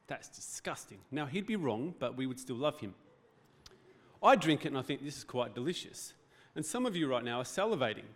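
A man's voice: mid-range voice, big pitch swings, a little fast. A man preaching a sermon as pastor, in a conversational, joking way with rhetorical questions. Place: church hall.

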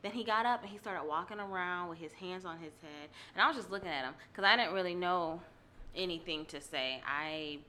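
Woman podcast cohost, low-ish but bright tone, chatty animated retelling. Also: brisk, slight background noise. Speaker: podcast co-host. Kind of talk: casual storytelling chat. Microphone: podcast microphone.

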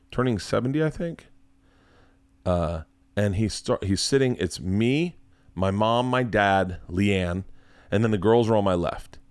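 A man's voice: lowish voice, no room sound. A man in his forties telling a comic, profane story as a podcast host.

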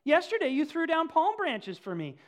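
A man voicing a proud male donkey who is furious at being ignored and shouts to be noticed. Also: sits high, huge pitch swings, a little fast, heavily acted. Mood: indignant. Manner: cross, shouting in a raised voice. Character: proud indignant male donkey, craving attention.

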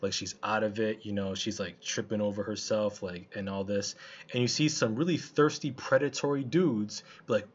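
A man with a husky voice gives a casual film review, loose and colloquial, stumbling through restarts and fillers. The recording is a bit muffled and lo-fi, the highs dulled. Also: normal speed.

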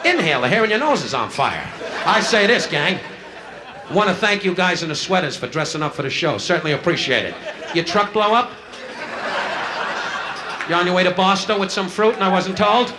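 Taken from a noisy live album from the 1960s, this clip features a high, animated male comedian on a nightclub stage. He doing rapid-fire insult comedy, hurling barbs at audience members as he banters with them.

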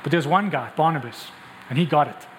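A man's voice: fairly high pitch, fairly quick, fairly bright tone, a little hiss or hum. A man preaching a sermon with passion, asking rhetorical questions and restarting phrases as he builds his points. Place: large church hall. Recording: long hall reverb, faint ambience.

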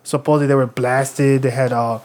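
A man's voice: medium pitch, little pitch movement, a little fast, darkish tone. A young man casually telling a rambling story among friends, full of fillers and restarts. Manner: rambling, lots of fillers and acted quotes.

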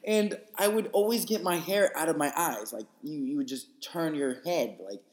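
A young man hosting a podcast talks through his own life story in a casual, earnest way and leans on plenty of fillers. His voice sits a little high for a man. The room around him rings with a noticeable echo. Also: moderate pace. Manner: earnest, chatty, with frequent fillers. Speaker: podcast host. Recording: roomy echo.

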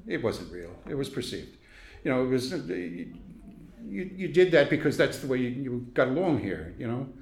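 Very animated at a moderate pace, an older Brooklynite with a medium-pitched, darkish voice tells stories of his youth for an oral history interview. He chuckles and performs the voices of the people he quotes, and the room reverberates.

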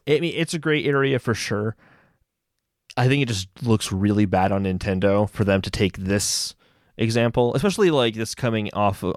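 A man hosting a casual podcast chat, relaxed and laughing easily. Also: fairly low pitch, dry recording, clean studio sound. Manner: relaxed, easy laughs, hedging fillers. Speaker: podcast host.

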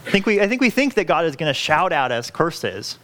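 Earnest male preacher with a lively voice. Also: fairly high pitch, fairly quick. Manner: earnest, pleading, self-correcting with frequent restarts. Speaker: pastor. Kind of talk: sermon.

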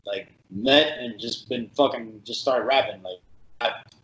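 A man's voice: mid-range voice, a little slow, gravelly, echoey room, muffled recording. A man who coaches fighters, telling a long story in casual, profane, rambling chat and acting out what people said. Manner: rambling, profane, animated storytelling with quoted voices.

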